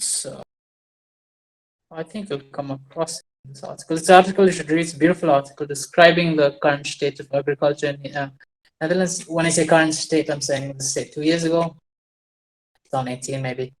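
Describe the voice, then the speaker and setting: A man's voice: a little high, fairly quick, rough recording. Rambling man talking casually. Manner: rambling and digressive, with frequent restarts; wry, self-deprecating asides. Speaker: commentator on farming trends. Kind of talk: casual screen-share monologue.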